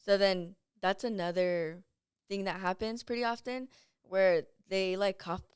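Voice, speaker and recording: Chatty woman guest, smooth clear voice. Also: mid-range voice, steady tone, unhurried, dry recording, studio quality. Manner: rambling, heavy use of "like". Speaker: podcast guest. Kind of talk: casual storytelling chat.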